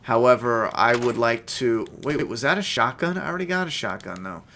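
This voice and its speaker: A man's voice: medium pitch, moderate pace, sharp tone, a little hiss or hum. A man with a stuffed-up nose giving chatty, profane, laid-back commentary while playing a game. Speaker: gameplay streamer. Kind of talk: casual gameplay commentary.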